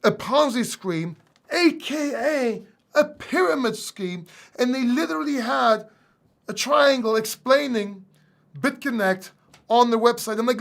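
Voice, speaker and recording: A man hosting a casual livestream Q&A, animated and blunt, firing off rhetorical questions and mocking what he dislikes. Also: very high voice, a little slow, vocal fry. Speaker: crypto channel host.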